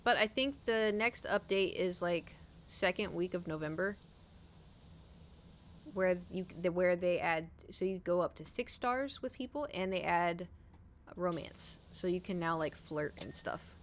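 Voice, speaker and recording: Speaking low and unhurried over slight background noise, a woman streamer chats casually while gaming. She rambles, swears, and tells stories in an animated way.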